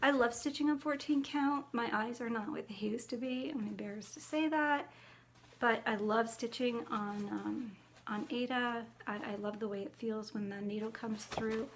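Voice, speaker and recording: A middle-aged woman talks casually through her craft haul in a slightly high voice. She is chatty and excitable, and she rambles warmly from one thought to the next. A faint hiss sits under the recording. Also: moderate pace. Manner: chatty and excitable, squeals about spiders. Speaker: cross-stitch vlogger.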